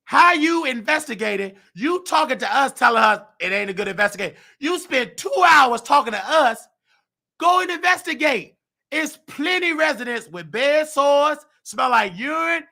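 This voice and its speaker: A nursing aide who hosts a show rants in indignant commentary, his very high, bright, sharp-edged voice hoarse from shouting. Animated and at normal speed, he's heated, bursting into shouts as he loses his voice.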